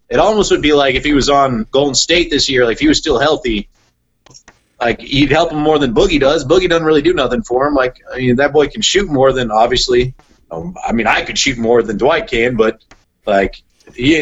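A young man in casual podcast chat, an animated storyteller who says "like" a lot, talking about sports. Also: medium pitch, breathy edge, highs cut off. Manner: animated storyteller, heavy use of "like". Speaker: podcast guest, sports broadcaster.

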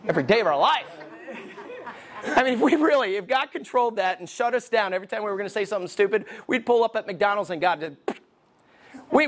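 Male pastor, conversational sermon delivery, self-deprecating, slow repeated questions. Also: high voice, fairly bright tone.

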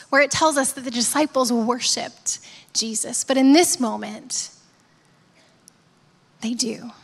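A woman pastor giving a reflective sermon, often dropping to a soft whisper for emphasis. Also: high voice. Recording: long reverberant hall.

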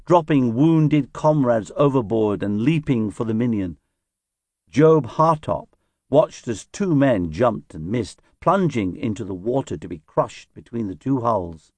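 Lively, dramatic male storyteller. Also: medium pitch, no echo. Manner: dramatic storytelling with vivid emphasis. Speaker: narrator. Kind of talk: scripted history narration.

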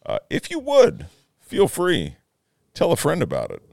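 A man's voice: on the high side, huge pitch swings, a little slow, vocal fry, a little mellow, no room sound, studio quality. A man co-hosting a casual podcast, laid-back and laughing, swearing freely as he tells stories. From United States. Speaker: podcast co-host. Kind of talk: casual chat.

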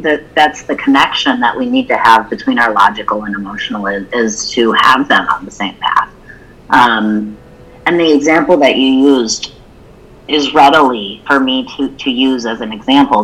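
A woman's voice: very deep voice, a bit bright, slightly rough, poor audio. A woman co-hosting a podcast, telling a personal story in a candid, open way during a casual conversation. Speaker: podcast co-host.

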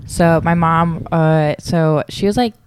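A woman's voice: sits low, fairly even intonation, slow, slight background noise. A young woman telling a casual anecdote in a chatty, giggly way, full of likes and fillers. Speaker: guest in group chat.

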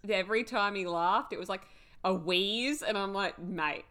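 A woman co-hosting a casual recap podcast, animated and full of hesitant fillers. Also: mid-range voice, moderate pace. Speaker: podcast co-host.

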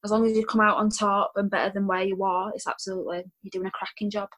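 A woman's voice: medium pitch, little pitch movement, fast talker, a bit bright. A woman from Halifax with a Yorkshire accent, chatting openly and self-deprecatingly as a podcast guest. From Halifax, England. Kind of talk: casual chat.

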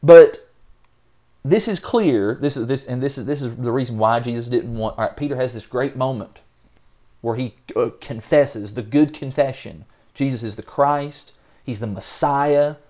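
A man talking through a Bible passage with a co-host in a relaxed, conversational way. He gets animated and acts out the people in the story. His voice sits in an ordinary middle pitch. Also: normal speed. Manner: animated, acts out biblical figures with rising pitch. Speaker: Bible study podcast co-host. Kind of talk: casual Bible discussion.

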